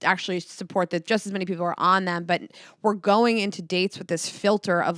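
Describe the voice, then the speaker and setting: A woman co-host in casual conversation, frank and plain-spoken. Her pitch sits mid-range. The recording is close and dry. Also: fairly even intonation, a little fast, fairly bright tone, dry recording. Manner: frank, conversational, mild swearing. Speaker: podcast co-host. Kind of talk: casual chat.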